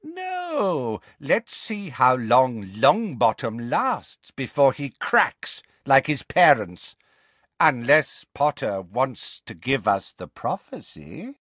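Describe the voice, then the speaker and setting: A man voicing a cruel, gleeful witch who taunts her captives in a shrill, relishing way. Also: big pitch swings, takes it slowly, fairly bright tone, no room sound, full character voice. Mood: gloating.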